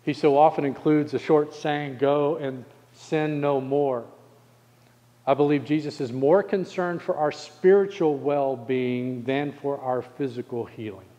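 A male pastor preaching a sermon, asking the congregation rhetorical questions and slowing down to stress key phrases. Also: medium pitch, dark tone, big-room sound.

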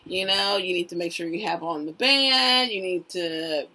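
A middle-aged woman co-hosting a podcast, telling stories in expressive casual chat and acting out quotes. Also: on the low side, moderate pace, rough recording. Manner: expressive storyteller, acts out quotes. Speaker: podcast co-host, mother.

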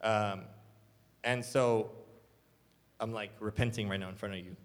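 A man's voice: on the low side, fairly even intonation, unhurried. A young adult man, a church elder, preaching a sermon in a loose, casual storytelling way full of "like"s. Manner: casual, filler-heavy storytelling with many "like"s. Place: church hall. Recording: long hall reverb.

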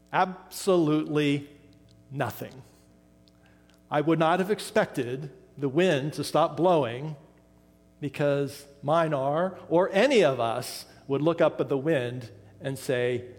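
Older preacher in a reverberant hall. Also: male voice, on the high side. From western Pennsylvania. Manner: dramatic pauses, trailing off softly on key words. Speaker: pastor. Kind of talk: sermon.

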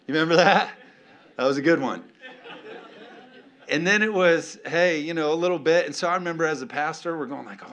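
A man preaching a sermon as a pastor, animated and playful, often calling out for an amen from the congregation. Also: a little high, quick pace. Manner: animated, playful, calls for amens.

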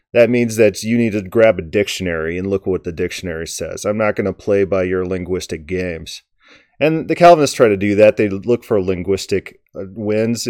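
A man giving combative political commentary in an emphatic, forceful way. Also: fairly low pitch, no echo, studio quality.

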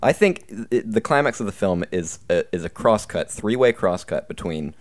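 Man, podcast co-host, measured deliberate, low voice, lively intonation. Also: no room sound, studio quality. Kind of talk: comedic brainstorming banter.

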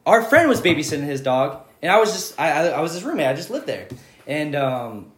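Man, slightly high voice, rambling profane storyteller, roomy echo. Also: very animated, a little fast, fairly bright tone. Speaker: podcast guest, cook. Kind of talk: casual chat, storytelling.

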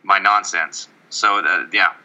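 A man's voice: sits low, fairly even intonation, slow pace, bright, forceful tone, dull audio. A man co-hosting a casual baseball podcast, rambling and joking with frequent stammered restarts. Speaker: podcast co-host. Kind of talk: casual sports chat.

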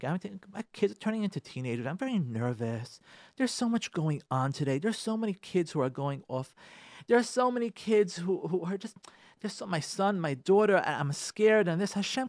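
A man's voice: sits high, sing-song, a little fast, no room sound, clean studio sound. A middle-aged man hosting a radio show, giving an emphatic inspirational religious talk that repeats phrases and speaks straight to listeners.

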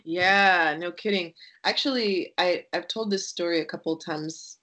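A woman guest on a podcast, talking in a gentle, thoughtful way and often pausing to find her words. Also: on the low side. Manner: gentle and thoughtful, with frequent hesitations. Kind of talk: reflective podcast conversation.

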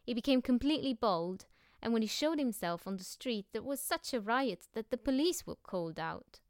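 A woman voicing a bold, boastful young girl who tells tall tales, loud and cheerful. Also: fairly high pitch, lively intonation, normal speed, no echo, studio quality, lightly acted.

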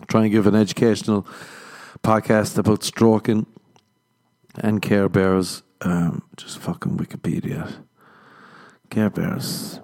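A man's voice: lowish voice, animated, slow, gravelly, long pauses, a little mellow. A young man hosting a solo podcast, rambling crudely and laughing at his own jokes. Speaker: podcast host. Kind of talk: casual solo podcast banter.

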